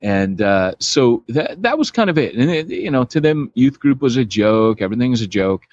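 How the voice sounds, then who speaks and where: A man co-hosting a podcast, telling a rambling, self-mocking story with quick laughs. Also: medium pitch, sing-song, a little mellow, no room sound. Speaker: podcast co-host. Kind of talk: casual storytelling podcast chat. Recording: dull, dry lo-fi sound.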